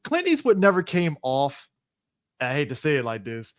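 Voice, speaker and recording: A man's voice: on the high side, wildly swooping pitch, moderate pace, crowd noise. A man co-hosting a podcast, musing and rambling through his opinions in casual banter, laughing easily. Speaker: podcast co-host. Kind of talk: casual movie-review banter.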